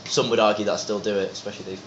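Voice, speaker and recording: A young man, telling rapid, animated anecdotes in casual chat as a band member and podcast guest, full of swearing and acted-out quotes. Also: on the low side, over a noisy crowd. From North East England. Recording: echoey, slightly dull podcast room recording.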